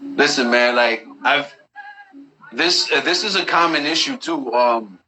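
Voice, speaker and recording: A man, talking bluntly and profanely in a casual livestream chat about spiritual practice, telling animated stories. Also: medium pitch, unhurried, faint music behind, rough recording. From New York.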